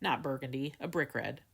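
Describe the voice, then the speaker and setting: A woman's voice: rumbling low, moderate pace, vocal fry, a bit bright, slightly rough. A woman hosting a casual paper craft tutorial, chatty, with frequent laughs and fillers. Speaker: craft video host.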